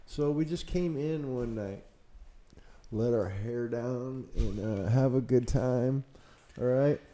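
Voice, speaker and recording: A man who looks after a haunted building tells a ghost story in an interview, speaking slowly in a warm, medium-pitched voice. He rambles and hesitates with plenty of fillers, laughing at himself along the way.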